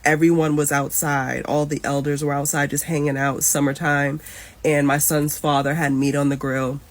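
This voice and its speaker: A woman's voice: low voice, normal speed. A woman in her thirties telling an emotional personal story in a casual storytime. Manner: emotional, animated retelling.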